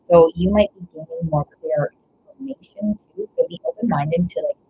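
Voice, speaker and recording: Woman tarot reader, low voice, gushing and rambling, slightly dull lo-fi sound. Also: huge pitch swings, normal speed. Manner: rambling, exclaims 'whoa' and 'wow' often; gushing, emotional. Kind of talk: live tarot reading. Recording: slightly dull lo-fi audio with faint noise.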